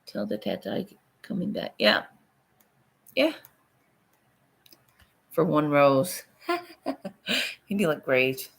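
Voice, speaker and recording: A woman's voice: on the low side, very animated, very slow, creaky, pauses often, husky. A middle-aged woman hosting a casual livestream from her phone, rambling, swearing casually and laughing often. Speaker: livestream host.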